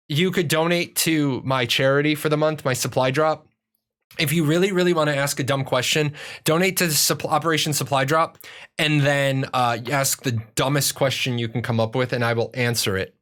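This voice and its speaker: A man's voice: fairly high pitch, fairly bright tone. A man from Ireland hosting a casual live-stream Q&A, answering viewer questions in a profane, rambling way with many restarts.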